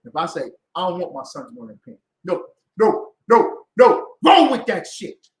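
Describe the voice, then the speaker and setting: A man preaching a heated, mocking street sermon, acting out voices and bursting into shouts. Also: high voice, big pitch swings, a little slow, echoey room, rough recording.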